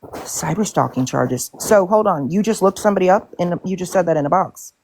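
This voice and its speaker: A woman's voice: on the low side, quick pace, darkish tone, a little hiss or hum. A woman hosting a live stream in casual chat, ranting bluntly and swearing often in exasperation.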